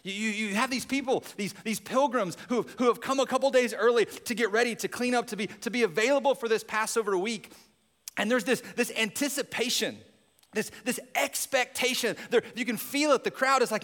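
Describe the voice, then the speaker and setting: A man preaching a sermon as pastor, telling a story with animated, expressive delivery and dropping into hushed reflective moments. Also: very high-pitched, brisk, in a large hall.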